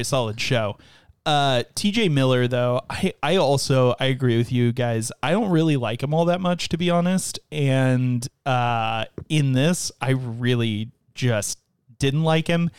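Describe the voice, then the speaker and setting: Podcast guy talking movies, smooth clear voice, dry sound, says stuff twice to hammer it home. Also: medium pitch, no room sound. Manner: chatty, emphatic, repeats points for stress. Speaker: podcast co-host. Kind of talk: casual chat.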